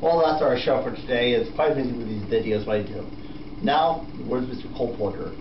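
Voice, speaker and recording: A man's voice: mid-range voice, a little fast, background noise. A man signing off a show in a chatty, rambling way. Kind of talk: show sign-off. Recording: dull, roomy, distant sound.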